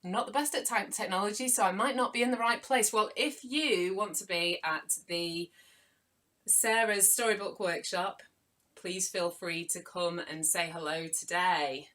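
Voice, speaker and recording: A young woman hosts a live children's writing workshop over a computer mic. She talks to the kids in a playful, animated way, gasping with delight and calling out viewers by name. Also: mid-range voice, unhurried.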